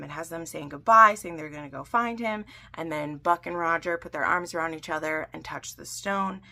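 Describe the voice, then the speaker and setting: In a gushing, casual vlog chat, a woman who recaps books and TV shows walks through an episode, her talk full of fillers, ums, and asides. Her voice sits low, gravelly, and pushed and bright.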